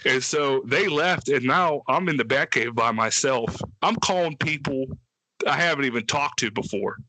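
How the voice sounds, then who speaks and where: A man's voice: mid-range voice, moderate pace, dry recording. A man telling a wild story on a casual podcast, swearing freely and acting out quotes in a raised voice. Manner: profane, animated, acts out quotes with a raised voice. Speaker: podcast co-host.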